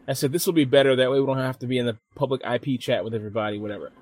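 Profane, animated man telling a story. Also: medium pitch, racing. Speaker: podcast co-host. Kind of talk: casual chat.

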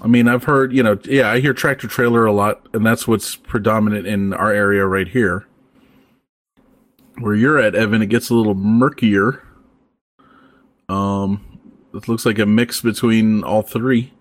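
A man hosting a casual podcast chat, talking in a relaxed, rambling way with plenty of fillers. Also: on the low side, unhurried, no room sound. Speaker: podcast host.

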